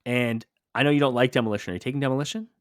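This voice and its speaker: A man's voice: medium pitch, steady tone, no echo, clean studio sound. A man co-hosting a podcast in casual chat, quizzing his partner and reeling off lists of names. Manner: quizzing, listing names quickly. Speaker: podcast co-host.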